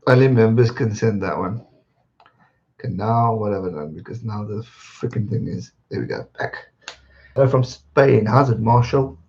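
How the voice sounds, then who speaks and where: A man's voice: lowish voice, normal speed, darkish tone, dull audio. A man hosting a live stream, chatting casually and greeting viewers by name as he reads their comments.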